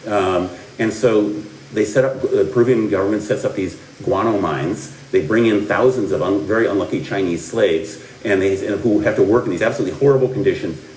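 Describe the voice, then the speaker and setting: A man's voice: fairly low pitch, fairly quick, a little mellow, a little hiss or hum. A middle-aged man from the American Midwest giving a history lecture, rambling with fillers and restarts and dropping dry asides. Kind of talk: recorded classroom lecture. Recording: roomy, distant lecture-hall recording.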